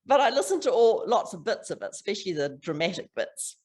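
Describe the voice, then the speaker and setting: A woman's voice: medium pitch, sing-song, fast talker, darkish tone, slightly rough. An older woman with a strong New Zealand accent, chatting as an author guest in an interview with frequent laughs and restarts. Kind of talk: casual interview chat.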